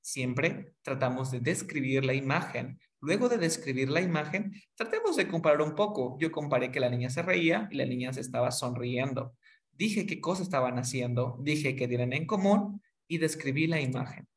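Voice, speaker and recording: A man teaching a one-on-one lesson, patiently saying each word slowly and repeating it. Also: medium pitch, lively intonation. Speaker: English tutor.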